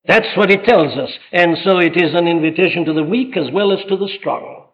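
A man with a high voice preaches an earnest sermon. He fires rhetorical questions and abruptly presses his points with greater force. The recording is dull and lo-fi. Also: a little fast, few pauses.

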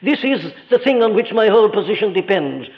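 A man's voice: high voice, animated, brisk. A man preaching a sermon in an emphatic, rhetorical way, his voice rising and dropping sharply for stress, heard on a dull lo-fi recording in a church or large hall. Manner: emphatic and rhetorical, with sudden rises and drops.

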